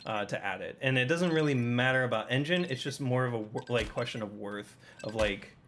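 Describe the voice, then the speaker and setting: A man's voice: mid-range voice, brisk, fairly bright tone, a little hiss or hum. A man on a game team's livestream Q&A, chatting casually with many fillers and asides to his cat. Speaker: developer on a game team Q&A stream.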